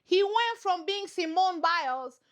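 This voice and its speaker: High-voiced animated woman vlogger. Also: a little slow. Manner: animated, playful, repeats herself for effect. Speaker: reaction vlogger. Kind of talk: casual reaction commentary.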